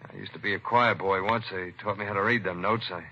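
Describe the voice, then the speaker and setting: A hard-boiled radio detective. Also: male voice, fairly low pitch, fairly even intonation, fast, bright, forceful tone, a little hiss or hum. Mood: tense. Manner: clipped tough-guy delivery. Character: hard-boiled male city detective, terse and tough. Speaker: detective narrator. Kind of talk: 1940s radio drama acting. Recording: dull lo-fi 1940s radio recording.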